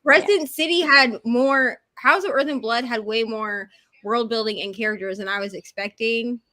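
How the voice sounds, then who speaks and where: A woman with a bright, somewhat high voice chats on a video call with friends. She talks in a lively storytelling way and acts out what she was thinking. The sound is that of a home video call. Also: normal speed. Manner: chatty storyteller, acts out her own reactions. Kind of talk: casual group video chat.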